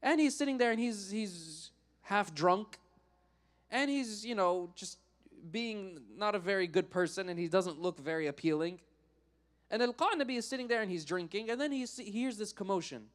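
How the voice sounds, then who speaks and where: High-voiced man telling a sermon story. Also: normal speed. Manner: animated storyteller, acts out the characters. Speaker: Friday sermon speaker.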